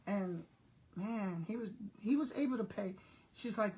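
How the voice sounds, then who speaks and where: A woman's voice: mid-range voice, unhurried, a little mellow, husky, poor audio. An older woman telling stories to her online viewers in a chatty, laughing way, talking to them directly. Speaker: online seller and vlogger. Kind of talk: casual storytelling to viewers.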